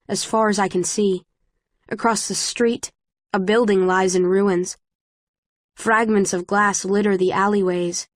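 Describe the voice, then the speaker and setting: A woman reading a novel aloud in first person, in a steady, measured way. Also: medium pitch, dry recording, clean studio sound. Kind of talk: first-person audiobook narration.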